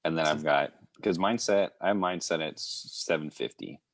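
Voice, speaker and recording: Deep-voiced young man, dry and close. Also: moderate pace, a bit bright, no echo. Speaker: podcast guest. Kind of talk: casual chat.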